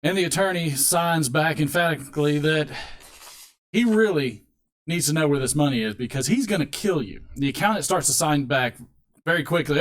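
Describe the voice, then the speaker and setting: A man's voice: fairly high pitch, lively intonation, normal speed. Chatty male live stream host. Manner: chatty, laughs often, rambling. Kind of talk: casual live stream chat and joke telling.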